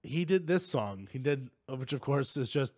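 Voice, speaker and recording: A man's voice: mid-range voice, expressive, moderate pace, darkish tone. A man co-hosting a podcast in jokey casual chat, laughing often. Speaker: podcast co-host.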